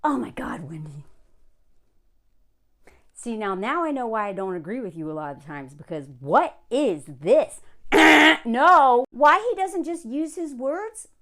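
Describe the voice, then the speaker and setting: A woman vlogger reads an advice column aloud, reacting with exasperated sarcasm and addressing the writer directly. Her voice is a little high, sing-song, a bit bright, and a little slow.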